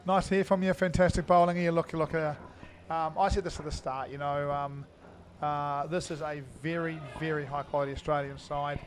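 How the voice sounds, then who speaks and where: A man's voice: fairly high pitch, level tone, normal speed, hardly any pauses. A middle-aged man giving live indoor cricket commentary, chatty and full of fillers as he thinks aloud.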